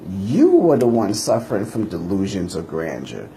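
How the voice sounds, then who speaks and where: Indignant man ranting with a gravelly voice. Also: low-pitched, wildly swooping pitch, moderate pace, mellow, a little hiss or hum. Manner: combative and indignant, repeating himself. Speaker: martial arts teacher answering a rival. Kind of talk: ranting monologue video.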